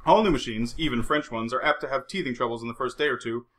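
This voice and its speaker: A man's voice: medium pitch, quick pace, fairly bright tone, close to an everyday voice. A man reading aloud, voicing a jovial, scheming middle-aged French agent who talks in a chatty, teasing way. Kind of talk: audiobook reading.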